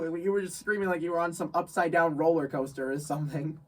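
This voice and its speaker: A young man from New York telling a story in casual chat, animated, laughing often and repeating phrases. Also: on the high side, quick pace, recorded from a distance, noisy background. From New York State. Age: young adult. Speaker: guest friend.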